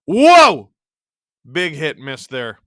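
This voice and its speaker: Fairly high-pitched and at a moderate pace, the host's clean voice comes through a dry recording with clean studio sound. He's an excitable streamer calling a game live for a watch-along, yelping and shouting at big plays and joking around with chat.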